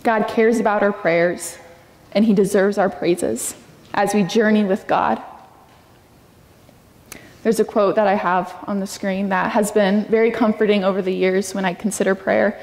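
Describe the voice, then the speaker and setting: A young woman preaches a sermon in a church sanctuary, her medium-pitched, somewhat dark voice steady and unhurried. She is earnest and personal, at times acting out prayers in a raised voice, and the hall echoes with long reverb.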